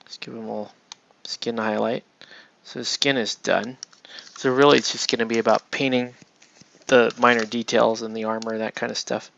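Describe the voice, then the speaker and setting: A man chatting casually to his viewers as he paints miniatures on a stream, rambling and self-deprecating, quiet and mumbling while he works and louder when he wraps up. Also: medium pitch, flat delivery, moderate pace, creaky, dull audio, slight background noise.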